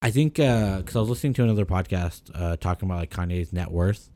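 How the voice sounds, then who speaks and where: A man's voice: deep voice, fast, dry recording. A man co-hosting a podcast in casual chat, rambling and swearing freely, getting heated when he rants. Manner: rambling, profane, animated when ranting. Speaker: podcast co-host.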